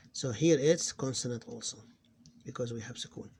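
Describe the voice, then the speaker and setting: A man teaching a phonics lesson, explaining step by step and sounding out syllables loudly. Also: mid-range voice, moderate pace, slightly rough, no echo.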